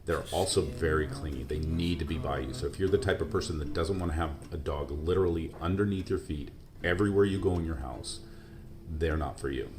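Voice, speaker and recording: A man calmly explaining how he feeds, grooms and cares for his dog, in plain casual talk. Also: extremely low pitch, brisk. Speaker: dog owner explaining care.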